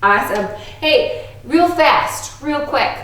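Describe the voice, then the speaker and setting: A woman's voice: sits high, lively intonation, takes it slowly, fairly bright tone. A woman teaching an online music lesson to young children, upbeat and playful, with an exaggerated teacher voice. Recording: very echoey room, distant from the mic.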